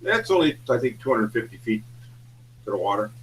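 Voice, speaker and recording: A man's voice: mid-range voice, big pitch swings, fairly quick, slight background noise, poor audio. Chatty man. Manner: chatty storyteller, laughs while talking. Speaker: roundtable regular. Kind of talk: casual radio roundtable chat.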